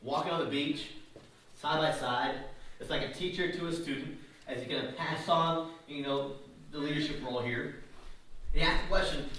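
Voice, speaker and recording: A man's voice: on the high side, moderate pace, a bit bright, a little hiss or hum. A man preaching a sermon in a casual, conversational way, often restarting and adding asides. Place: church sanctuary. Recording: echoey church hall, mic at a distance.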